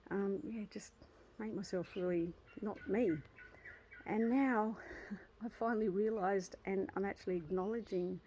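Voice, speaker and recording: On a rough recording with slight background noise, a woman in her 50s talks about self-worth to viewers of her own channel. Her casual motivational vlog is earnest and heartfelt, delivered in a mid-range voice with soft laughs and many restarted sentences.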